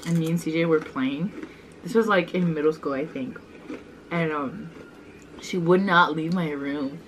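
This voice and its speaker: A woman's voice: low-pitched, a little slow, a little hiss or hum, low-quality recording. A young woman casually telling childhood stories with her sister, chatty and full of "like" fillers. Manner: chatty, many "like" fillers, laughs often. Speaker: vlogger, older sister. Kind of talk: casual storytelling chat.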